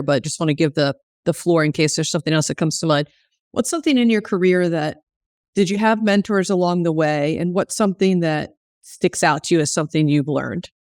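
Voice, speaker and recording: A woman's voice: fairly low pitch, a little mellow, no echo, clean studio sound. A woman hosting an interview, asking questions and reflecting thoughtfully, sometimes searching for words. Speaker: podcast host.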